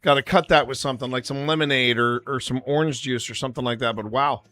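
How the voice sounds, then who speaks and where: A man's voice: medium pitch, fairly even intonation, fast, sharp tone. A man hosting a live stream, chatting to his viewers in a rambling way with many fillers, close to the mic. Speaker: streamer host.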